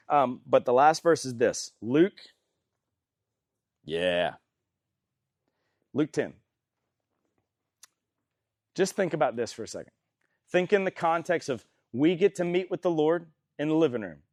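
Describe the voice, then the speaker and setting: A man's voice: a little high, darkish tone, no room sound, clean studio sound. A man teaching a small Bible study group in a casual, folksy way, often asking the group questions.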